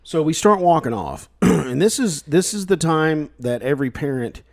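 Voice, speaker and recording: A man's voice: a little high, normal speed, gravelly. Laid-back man chatting on a podcast. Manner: relaxed, chiming in with short asides. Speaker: podcast co-host. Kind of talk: casual chat.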